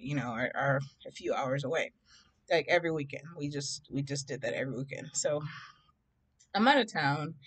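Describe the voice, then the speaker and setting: A young woman telling a story to camera in a chatty, animated way, acting out what people said and laughing along. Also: low voice. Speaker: vlogger. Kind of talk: casual storytime.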